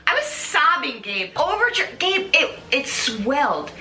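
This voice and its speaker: High, bright-voiced gushing woman. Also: measured pace, roomy sound. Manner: gushing, excitable, rambling with fillers. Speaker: host. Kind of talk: casual recap talk.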